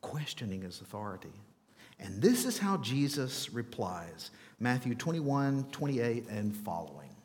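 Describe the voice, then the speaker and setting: A man preaching a sermon as pastor, animated and asking his listeners rhetorical questions. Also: medium pitch, unhurried. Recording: long reverb of a large hall.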